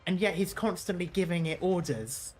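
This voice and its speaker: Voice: mid-range voice, lively intonation, moderate pace, a little mellow, faint music behind. A game streamer chatting casually through a playthrough, rambling and correcting themself, swearing now and then. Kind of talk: casual let's-play commentary.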